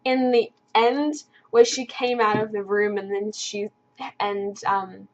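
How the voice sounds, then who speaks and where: A woman gaming vlogger talks casually and enthusiastically, rambling through her thoughts with lots of fillers. Her voice sits at a middle pitch, and the recording sounds dull and lo-fi. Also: level tone, slow. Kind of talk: casual commentary.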